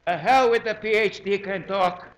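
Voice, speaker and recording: Animated older man with a Hawaiian Pidgin accent. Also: high voice, normal speed, background noise. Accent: Hawaiian Pidgin English. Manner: animated, joking, repeats words in bursts. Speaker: presenter at a community gathering. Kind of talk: lively public talk.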